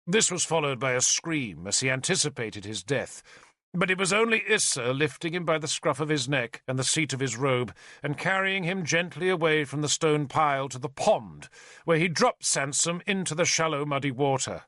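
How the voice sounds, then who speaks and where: A man narrating an audiobook in an expressive storytelling manner. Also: on the high side, moderate pace, no echo, studio quality.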